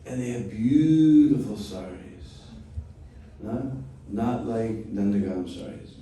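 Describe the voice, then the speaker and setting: Brief: male spiritual teacher, mellow voice, storytelling class, echoey room from far off. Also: mid-range voice, a little hiss or hum. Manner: unhurried, with frequent "hmm?" check-ins.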